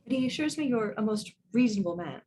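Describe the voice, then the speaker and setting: A woman's voice: on the high side, expressive, fast, dark tone, slight background noise. A woman playing a tabletop game, speaking in character in a polite, earnest, formal way. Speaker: player. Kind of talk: in-character tabletop role-play.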